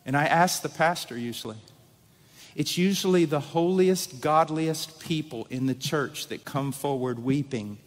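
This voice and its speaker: A middle-aged man preaching a sermon in a church, swinging between loud urgent emphasis and quiet intensity. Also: a little high, measured pace. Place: church sanctuary. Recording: long reverb of a large hall.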